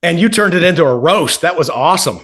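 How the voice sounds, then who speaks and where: A man's voice: a little high, animated, fast, a bit bright. A man co-hosting a casual talk show, making blunt, profane remarks and drawing out his words. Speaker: podcast co-host. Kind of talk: casual chat.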